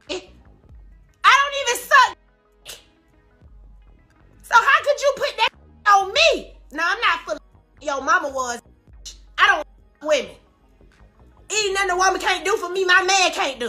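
A woman's voice: extremely high pitch, sharp tone. A woman crying as she rants on a live stream, repeating emphatic, defensive denials. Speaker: social media personality on a live stream. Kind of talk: emotional livestream rant.

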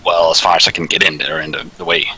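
A man playing in a tabletop game, speaking in a slow, measured way. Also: rumbling low, little pitch movement, pushed and bright, slightly rough, rough recording. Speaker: player.

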